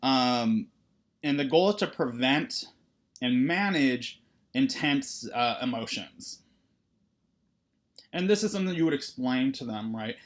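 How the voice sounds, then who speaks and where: A man who is a therapist, lecturing on counseling in a loose, conversational way, often checking in with "right?" and filling pauses with "uh". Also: mid-range voice, animated. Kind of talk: recorded lecture.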